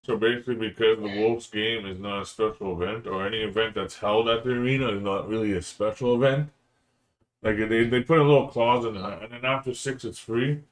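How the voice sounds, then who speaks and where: A man's voice: on the low side, fairly even intonation, brisk. A man from Canada in casual chat, laid-back and agreeable, swearing freely.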